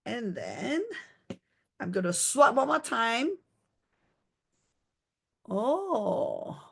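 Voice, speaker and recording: A woman's voice: on the high side, big pitch swings, takes it slowly, vocal fry, bright, forceful tone, a little hiss or hum. Woman chatty skincare demonstrator on a video call. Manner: chatty, explaining step by step, checking in with "okay?". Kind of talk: live product demonstration.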